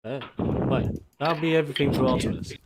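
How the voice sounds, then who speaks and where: A man's voice: medium pitch, fairly even intonation, a little fast, crowd noise. A man running a tabletop game as game master, narrating scenes dramatically and handing out rolls.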